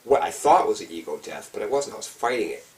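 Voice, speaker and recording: A man's voice: on the low side, very animated, fast, recorded from a distance, rough recording. A man telling a personal story in a casual, intense, heavily profane way, acting out his own frantic thoughts. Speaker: vlogger. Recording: voice set back from the mic.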